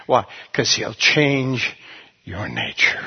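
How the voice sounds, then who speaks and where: Husky-voiced man preaching. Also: on the low side, wildly swooping pitch, slow pace, dull audio. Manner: conversational storytelling preacher. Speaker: pastor. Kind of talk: sermon.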